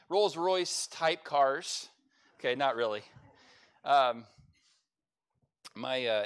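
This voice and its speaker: A man's voice: fairly high pitch, a bit bright. A middle-aged man preaching a sermon as pastor, reading scripture and adding folksy, humorous asides. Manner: folksy, humorous asides with playful mock voices.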